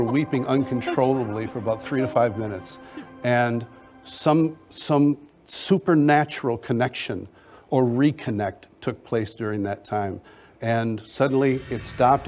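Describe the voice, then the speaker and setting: A man, a worship songwriter, telling an emotional personal testimony and leading a prayer. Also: medium pitch. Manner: earnest storyteller, emotional, acting out quotes.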